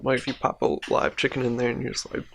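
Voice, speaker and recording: A man's voice: medium pitch, big pitch swings, fast, gravelly, fairly bright tone, a little hiss or hum. A young man co-hosting a podcast in casual chat, wry and joking. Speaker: podcast co-host.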